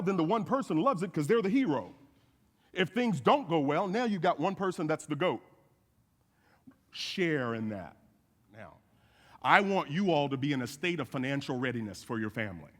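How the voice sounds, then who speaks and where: Man preaching in an echoey hall. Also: high-pitched. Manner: animated storytelling with folksy asides. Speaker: guest speaker. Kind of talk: sermon. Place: church sanctuary.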